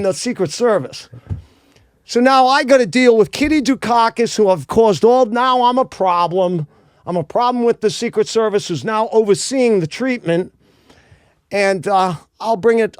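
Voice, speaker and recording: Fast-talking high-voiced New man. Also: clean tone, dry recording, clean studio sound. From Rhode Island, US. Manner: animated, profane, acts out quoted voices. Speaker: podcast co-host telling his story. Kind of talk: casual storytelling.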